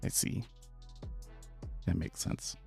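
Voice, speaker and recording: A man's voice: takes it slowly, a little mellow, soft background music. A man casually chatting and rambling through a live day-trading stream, laughing often.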